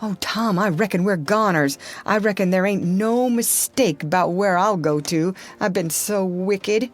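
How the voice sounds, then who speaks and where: A woman voicing a frightened, superstitious country boy who talks in a folksy drawl and pleads in hushed tones. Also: medium pitch, unhurried, close to an everyday voice. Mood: despairing.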